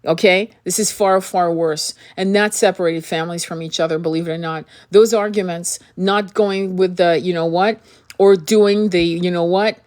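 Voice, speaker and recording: A woman's voice: on the low side, fairly even intonation, normal speed, darkish tone. A woman host talking straight to the viewer in an impassioned monologue. She is earnest and pleading, repeats and restarts her words, asks direct questions, and breaks off now and then to cough from an irritated throat. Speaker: spiritual reader and channel host.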